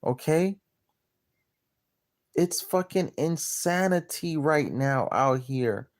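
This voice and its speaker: Slow, blunt, profane man ranting. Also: a little high, lively intonation. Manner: blunt, crude, repetitive, lecturing. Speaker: land and property seller. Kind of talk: profane motivational rant to camera.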